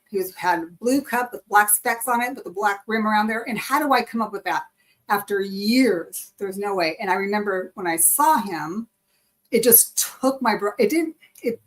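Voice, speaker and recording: A woman hosting a live spiritual chat stream, telling a personal story in an animated way. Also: a little high. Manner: animated storytelling, acts out quoted speech. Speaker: host. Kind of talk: casual chat.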